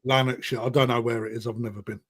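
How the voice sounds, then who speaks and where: A man's voice: medium pitch, level tone, quick pace, fairly bright tone, no echo. A man hosting a live online auction, chatting with bidders in a casual, matey way. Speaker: koi auctioneer.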